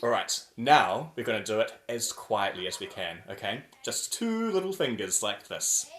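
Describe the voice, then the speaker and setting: A man leading a choir warm-up over a video call, playful and over the top as he chants drills. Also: fairly low pitch, big pitch swings, normal speed, few pauses, roomy sound.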